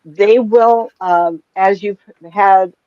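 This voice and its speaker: A woman's voice: medium pitch, steady tone, drawn-out words, dry recording. Older lady psychic rambling thru stories, chatty n laughy, kinda muffled lo-fi sound. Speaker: psychic medium. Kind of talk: casual talk to a small live group. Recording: dull, lo-fi and dry.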